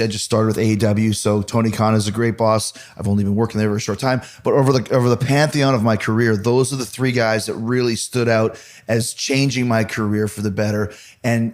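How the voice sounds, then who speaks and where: Podcast host, man from Canada, middle-aged, relaxed animated storyteller. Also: lowish voice. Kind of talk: casual storytelling monologue.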